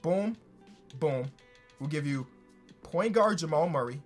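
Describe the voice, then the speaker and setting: A young man and gaming YouTuber giving casual, excitable gameplay commentary that bursts into shouting when he gets thrilled. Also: on the high side, unhurried, faint music behind.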